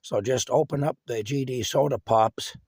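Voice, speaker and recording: A man's voice: medium pitch, moderate pace, darkish tone, no echo, clean studio sound, close to an everyday voice. A man voicing a bossy, profane older woman who barks orders and swears.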